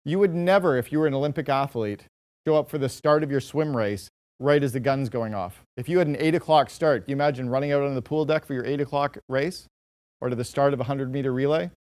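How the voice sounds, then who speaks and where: A man's voice: medium pitch, fast talker, darkish tone. A man giving a motivational business talk to a live audience, direct and emphatic, with punchy short lines. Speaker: speaker addressing an audience.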